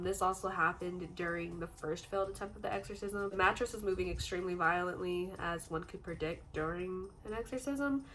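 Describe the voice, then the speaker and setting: A woman's voice: on the low side, rough recording. A young woman casually telling a true story while doing her makeup, chatty and full of fillers. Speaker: beauty vlogger telling a true-crime story.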